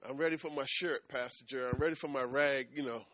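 Male preacher, bright lively delivery, dry close recording. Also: medium pitch, fast talker, no room sound. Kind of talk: sermon.

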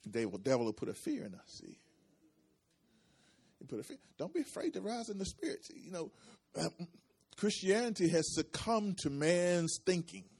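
A man's voice: high-pitched, very animated, moderate pace, darkish tone, husky. A man preaching, repeating phrases and asking the congregation for responses as his intensity rises and falls. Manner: repetitive, call-and-response preaching with rising and falling intensity. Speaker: pastor. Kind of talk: sermon.

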